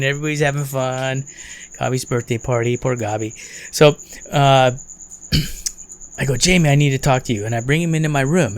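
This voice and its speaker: A man co-hosting a podcast, telling a party story in a talkative, animated way and swearing casually. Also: mid-range voice. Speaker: podcast co-host.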